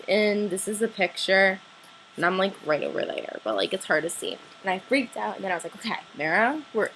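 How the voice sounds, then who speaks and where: A teenage girl telling an excited story to her camera, gushing and breathless, full of "like" fillers. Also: mid-range voice, a little hiss or hum, poor audio. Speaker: vlogger.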